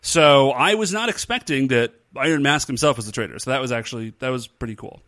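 A man's voice: mid-range voice, quick pace. A man co-hosting a podcast, chatting casually and joking as he recaps a TV episode. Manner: animated, laughing, joking. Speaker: podcast co-host. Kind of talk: casual chat recapping a TV show.

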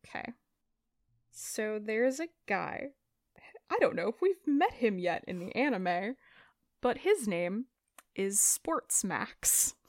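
A woman co-hosting a podcast in casual chat. She builds her stories slowly and deliberately and keeps breaking into laughter. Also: medium pitch, very animated, a little mellow, dry recording, clean studio sound. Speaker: podcast co-host.

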